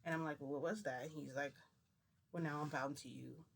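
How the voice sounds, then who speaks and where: A man's voice: a little high, steady tone, fairly quick, creaky, a bit bright, breathy edge. A man casually retelling a personal story to the camera, rambling and acting out dialogue with "I'm like" and "he goes". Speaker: vlogger.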